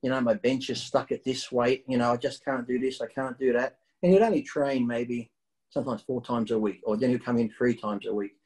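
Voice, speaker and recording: Middle-aged man, mid-pitched voice, blunt and profane conversational storyteller. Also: fairly even intonation, fairly quick, a little mellow, poor audio. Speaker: guest bodybuilder. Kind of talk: casual storytelling.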